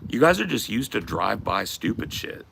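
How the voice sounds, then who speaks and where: A man's voice: fairly low pitch, sing-song, normal speed, vocal fry, background noise. A man from the US West Coast ranting on his livestream, brash, profane and trash-talking. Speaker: streamer. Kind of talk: casual livestream rant.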